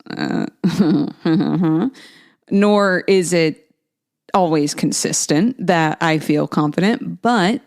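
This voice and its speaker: A woman's voice: medium pitch, darkish tone. A young woman hosting a podcast, talking in a casual, chatty way, laughing often and dropping playful asides. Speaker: podcast host. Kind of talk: casual solo chat.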